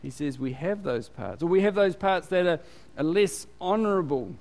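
A man gives a relaxed, talky sermon in a church, asking his congregation questions as he goes. His voice sits a little high for a man. The sound rings with the long reverb of a large hall. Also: normal speed. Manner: chatty, quizzes the congregation. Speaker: pastor. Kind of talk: conversational sermon.

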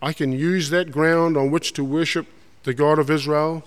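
A man's voice: on the high side, steady tone, moderate pace, clear, resonant tone, natural voice. A man playing an earnest foreign commander. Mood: pleading. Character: proud foreign army commander, indignant then grateful. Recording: long hall reverb.

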